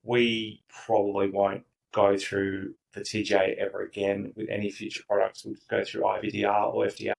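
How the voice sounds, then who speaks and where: A man's voice: on the low side, completely flat delivery, normal speed, gravelly, hardly any pauses, recorded from a distance, low-quality recording. A man speaking as a company founder guest in a casual podcast interview, emphatic and enthusiastic, acting out the voices of the people he quotes.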